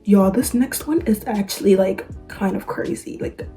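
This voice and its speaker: A woman's voice: mid-range voice, normal speed. Incredulous young woman over music. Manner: incredulous, scolding, repeats lines. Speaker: YouTuber reading online stories. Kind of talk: casual reaction commentary. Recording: music playing behind voice.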